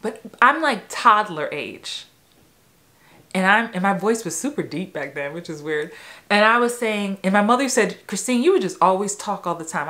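A woman in her forties from New York, an acting coach, telling personal stories in a lively way, laughing and acting out voices from her memories. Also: mid-range voice. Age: 40s. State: a little emotional. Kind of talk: personal storytelling vlog.

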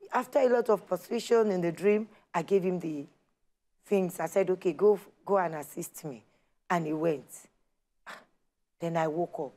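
A woman telling her personal story on a talk show, acting out the dialogue as she goes. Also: mid-range voice. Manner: animated storyteller, acts out quoted dialogue. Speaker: guest sharing her testimony.

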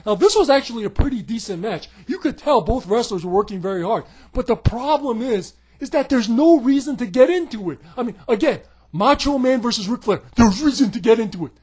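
A man's voice: very high-pitched, slightly rough. A man giving opinionated commentary as a wrestling reviewer, in a sarcastic, ranting manner. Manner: sarcastic, ranting, repeats questions like "right?".

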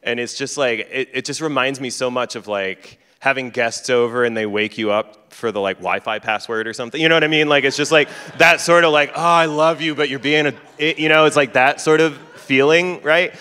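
A man's voice: medium pitch, brisk, few pauses, sharp tone, clean tone. A man speaking as a guest author before a live audience, telling a story casually and often stopping to restart or laugh. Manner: chatty, heavy on fillers and restarts, laughs often. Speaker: teacher. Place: large hall with an audience. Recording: reverberant hall sound.

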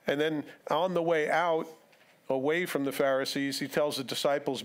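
A man's voice: fairly high pitch, fairly even intonation, moderate pace. A male pastor giving a casual, conversational sermon, asking his congregation questions and acting out the dialogue of the story he reads. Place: church sanctuary.

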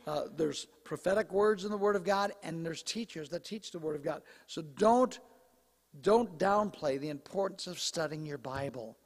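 A man preaching from the pulpit, his pitch sitting high for a male voice and a little hoarse. He talks to the congregation in a loose, joking way. The sound carries the long reverb of a church sanctuary. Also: normal speed. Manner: conversational, joking asides. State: slightly hoarse, clearing throat. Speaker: pastor. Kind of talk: sermon.

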